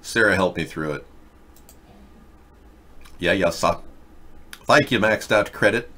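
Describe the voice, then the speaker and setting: A man's voice: low-pitched, takes it slowly, pushed and bright. A man hosting a casual political commentary show, reading headlines aloud with sarcastic, mocking asides. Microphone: webcam setup.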